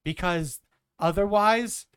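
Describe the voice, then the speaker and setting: A man's voice: high-pitched, slow pace, fairly bright tone, clear, resonant tone, dry recording. A man in his twenties giving blunt, sarcastic political commentary with some swearing. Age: 20s.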